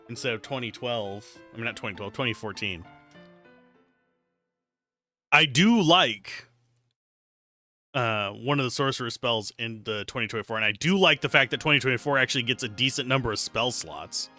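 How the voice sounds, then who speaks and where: A man's voice: mid-range voice, expressive, normal speed, pauses often, bright, forceful tone, soft background music. A man chatting casually to his livestream viewers, rambling and correcting himself as he goes. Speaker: streamer.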